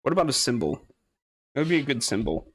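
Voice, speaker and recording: A man's voice: mid-range voice, sing-song, quick pace, no echo. A man casually talking through a game, hesitant and rambling, laughing often and swearing now and then. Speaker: gaming streamer. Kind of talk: casual gameplay commentary.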